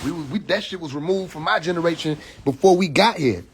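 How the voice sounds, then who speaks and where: A man telling a story on a phone livestream, animated and profane, full of restarts and acted-out quotes. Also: a little high, fairly quick, a little hiss or hum. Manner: profane, confrontational. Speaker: livestream host. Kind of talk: casual livestream monologue. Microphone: phone mic.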